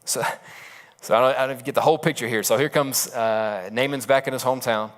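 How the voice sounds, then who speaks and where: A man's voice: medium pitch, fairly even intonation, fast, fairly bright tone. A man preaching a sermon as a pastor, retelling a story in a casual, conversational way with asides.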